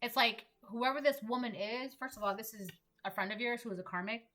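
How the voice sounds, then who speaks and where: A woman's voice: a little high, steady tone, fairly quick, sharp tone. A young woman giving a casual collective tarot reading, emphatic and repetitive, full of "like". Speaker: tarot reader.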